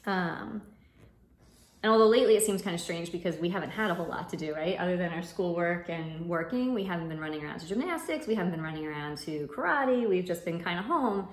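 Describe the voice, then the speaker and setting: Low-voiced woman teaching children. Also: lively intonation, fast talker. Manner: prompting, asks "right?" often, with fillers. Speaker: educator leading a mindfulness activity. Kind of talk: casual home lesson with children. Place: home. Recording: echoey room, faint noise.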